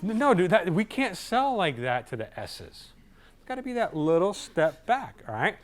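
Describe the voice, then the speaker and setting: Sales trainer, male, a touch high-voiced, lively and chatty, plays out customer lines. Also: moderate pace. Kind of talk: live sales training talk.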